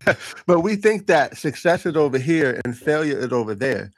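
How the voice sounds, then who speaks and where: A man's voice: a little high, sing-song, normal speed, no echo. A man who is a guest on an interview podcast, talking earnestly, stumbling and repeating words and laughing easily. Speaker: guest, entrepreneur. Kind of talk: interview conversation.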